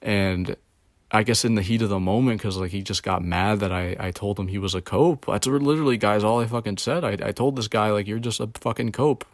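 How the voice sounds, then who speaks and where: A man's voice: fairly low pitch, fairly quick, dry recording, clean studio sound. A man vlogging in a rambling, casual rant, swearing often and sounding confused and exasperated. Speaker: video blogger.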